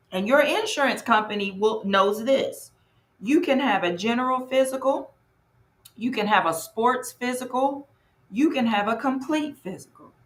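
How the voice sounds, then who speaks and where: Slow-talking woman workshop host. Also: a little high, echoey room. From North Carolina. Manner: lively, chatty, greets viewers in the chat by name. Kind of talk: live online workshop talk.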